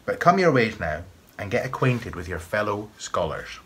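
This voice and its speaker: A man's voice: on the low side, sing-song, moderate pace, a bit bright, a little hiss or hum. A man with a Scottish accent voicing a sly, sinister old male wizard who runs a school of magic. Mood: commanding.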